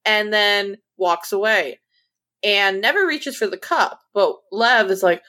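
A woman's voice: mid-range voice, slow, sharp tone. A woman co-hosting a casual podcast, animatedly retelling scenes with quoted lines and laughter. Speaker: podcast co-host. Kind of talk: casual recap chat.

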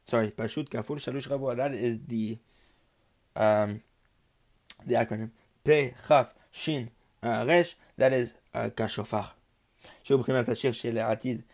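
A man's voice: medium pitch, a little slow, long pauses, darkish tone. A man teaching a Torah lesson, reading Hebrew phrases and explaining them in English with repeated, rhythmic emphasis. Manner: explains Hebrew terms then translates them. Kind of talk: religious text lesson.

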